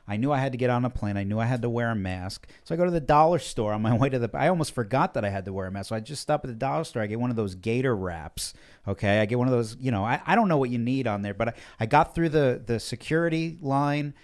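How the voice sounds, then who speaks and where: A man from the American South, a podcast guest telling a story in a casual, animated, mocking way. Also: medium pitch, fast.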